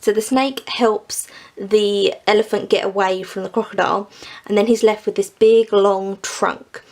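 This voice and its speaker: A woman's voice: medium pitch, fairly even intonation, measured pace, darkish tone. A young woman retelling and reviewing stories in a casual, chatty way, laughing often and saying "like" a lot. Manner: chatty, giggly, peppered with "like". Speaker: book vlogger.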